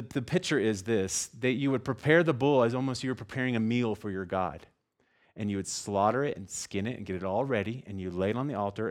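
Animated male preacher, sudden loud bursts. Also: mid-range voice. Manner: animated, jokey, acts out scenes with sudden loud shouts. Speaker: pastor. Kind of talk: sermon.

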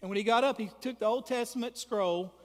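High-voiced preacher in a reverberant church. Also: male voice, fairly quick. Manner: emphatic, repeats phrases, builds to loud peaks. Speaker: pastor. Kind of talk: sermon with prayer. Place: church sanctuary.

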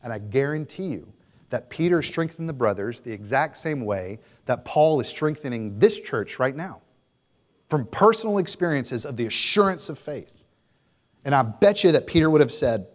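Animated young male preacher. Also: medium pitch, moderate pace, long reverb tail. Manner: animated preaching, voices scripture passages with rising intensity; conversational asides with fillers. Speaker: pastor. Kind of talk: sermon.

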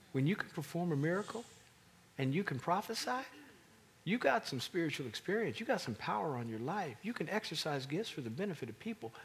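Middle-aged male preacher, slightly husky, animated sermon delivery with emphatic climbs. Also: fairly high pitch.

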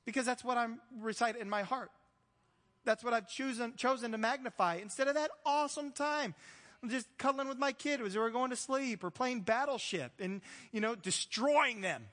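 A man with a high, light voice preaches to his congregation in an easygoing, conversational way. He breaks into joking asides and acts out bits of everyday talk. His voice rings with the long reverb of a church hall. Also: normal speed, a bit bright. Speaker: pastor. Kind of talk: sermon.

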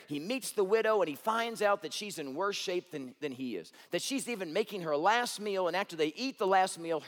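A man preaching a sermon, telling stories with rhetorical questions and swinging from loud to hushed. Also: on the high side, in a large hall. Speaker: pastor.

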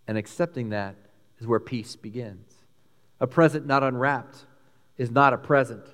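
A man with a Texan accent preaching a sermon, emphatic and animated, swinging between loud peaks and hushed lines. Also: mid-range voice, normal speed, big-room sound. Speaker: pastor.

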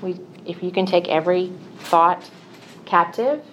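A woman's voice: fairly low pitch, a little slow, dull audio, slight background noise. A middle-aged woman giving a Christian teaching talk, telling personal stories in an earnest, confessional way. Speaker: Christian speaker.

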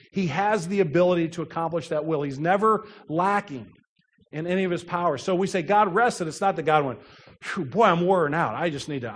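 High-voiced man preaching a slow sermon. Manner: slow, emphatic preaching with pauses and soft dropped endings. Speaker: pastor.

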